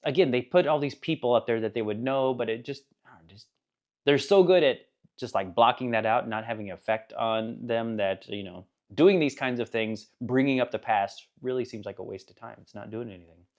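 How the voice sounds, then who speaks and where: A man's voice: mid-range voice, a little fast, a little mellow. A man giving a casual spoken book review, rambling and enthusiastic, laughing now and then at the funny parts.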